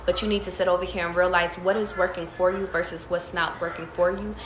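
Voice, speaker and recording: A woman's voice: lowish voice, little pitch movement, fast, echoey room, crowd noise. A woman giving casual tarot readings to her viewers, talking emphatically with lots of profanity, repeating and restarting her phrases. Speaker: tarot reader.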